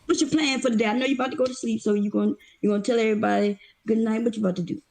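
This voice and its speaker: A woman's voice: fairly high pitch, fairly even intonation, very fast, creaky, a little mellow. A woman guest on a livestream, talking brashly and teasingly with lots of cursing, a bit out of breath. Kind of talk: casual livestream chat.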